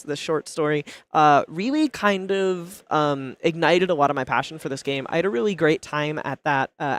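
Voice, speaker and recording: A man commentating a card game tournament, chatty and anecdotal, full of little fillers. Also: a little high.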